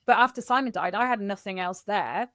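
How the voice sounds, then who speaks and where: A middle-aged woman from Kent, a guest in a candid podcast interview, telling stories in an animated, expressive way. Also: mid-range voice, a little fast, no echo, studio quality. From Kent, England.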